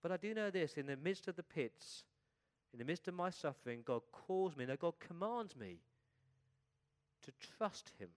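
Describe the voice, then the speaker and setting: Man, pastor, sermon, earnest, middle-aged, soft endings. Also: on the high side, sing-song, moderate pace.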